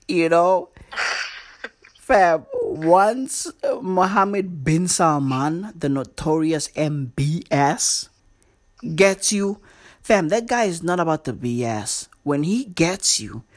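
A woman hosting a casual comedy chat, loose and profane, full of slang and rambling asides. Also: deep voice.

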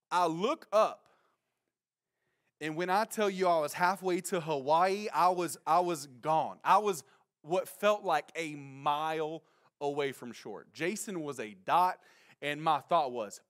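A young male pastor tells a story from the pulpit in a high-pitched voice. He is animated and loose, full of casual slang, and he throws himself into the quoted lines, sometimes shouting them out. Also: unhurried. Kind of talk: sermon storytelling.

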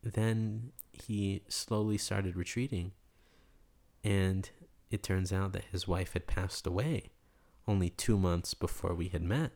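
A young man from New York, a guest in an interview, telling a story in an animated way and acting out the people he quotes. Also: low voice, takes it slowly, vocal fry. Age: young adult.

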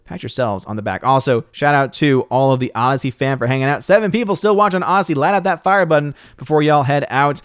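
A man hosting a livestream, signing off casually, thanking viewers and reading supporter names with lively upward lifts. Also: fairly high pitch, quick pace, hardly any pauses, clear, resonant tone, dry recording, clean studio sound. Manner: jokey, playfully mangles words. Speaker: livestream host. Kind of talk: casual stream sign-off and shout-outs.

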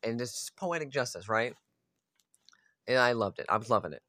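Man, casual rant, profane, exasperated, bright voice. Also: medium pitch, animated, a little fast, dry recording, clean studio sound. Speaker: gaming video host.

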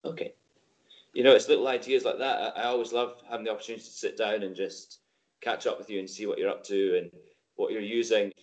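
A man's voice: fairly low pitch, steady tone, fast. A man hosting a casual interview, friendly and encouraging, with short affirmations. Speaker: host.

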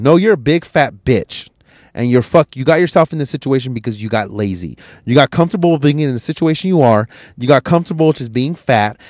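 A man in his thirties hosting a podcast, giving a blunt, profane motivational rant that swings from quiet musing to loud scolding. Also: medium pitch, no echo, studio quality. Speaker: podcast host.

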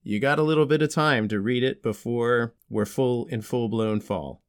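A man co-hosting a casual podcast with his child, relaxed and joking, quick to laugh. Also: mid-range voice, smooth, no echo, clean studio sound. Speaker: podcast co-host, father.

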